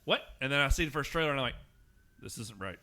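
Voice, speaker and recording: A man co-hosting a movie podcast, telling animated stories that quote his own reactions. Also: medium pitch, fast talker. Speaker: podcast co-host. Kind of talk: casual movie review chat.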